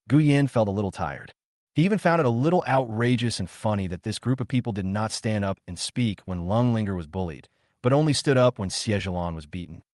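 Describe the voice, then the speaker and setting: A man narrating a comic recap story in a steady, scripted storytelling way. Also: on the low side, no echo, studio quality.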